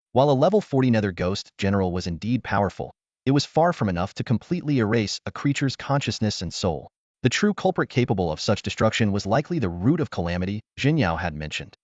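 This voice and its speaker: A man with a low voice narrates a fantasy novel in steady storytelling fashion. His pitch rises and falls with lively inflection. The recording is dull, lo-fi and dry. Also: brisk, no room sound. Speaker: audiobook narrator. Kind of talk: scripted narration.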